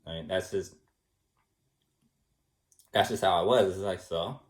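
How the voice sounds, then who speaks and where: A man in a casual rambling monologue who shrugs things off in soft, dismissive replies. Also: sits low, fairly even intonation, measured pace. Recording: roomy echo.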